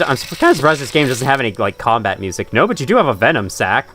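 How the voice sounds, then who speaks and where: Lively young man streaming a game. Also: mid-range voice, quick pace. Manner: chatty, laughs often, talks to game creatures. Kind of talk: live gameplay commentary. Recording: faint music in background.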